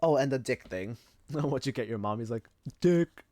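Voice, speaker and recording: Brisk and darkish in tone, a mid-range male voice is captured dry as a young man streams live. He talks loosely, telling sprawling stories loaded with fillers and swear words.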